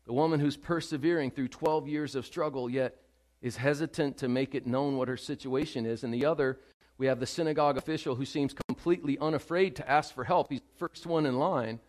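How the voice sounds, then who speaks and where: A man preaching a sermon as pastor, emphatic and direct with the congregation, dropping to a hush and then rising loud, repeating key phrases for stress. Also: mid-range voice, steady tone, brisk.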